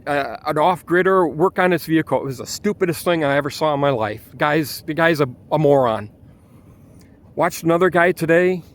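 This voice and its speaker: A man with a Michigan accent vents to his phone camera outdoors in a vlog. His voice sits somewhat high for a man, and he keeps restarting his sentences as his anger spills over. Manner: angry, exasperated ranting with restarts. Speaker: vlogger. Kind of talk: ranting vlog.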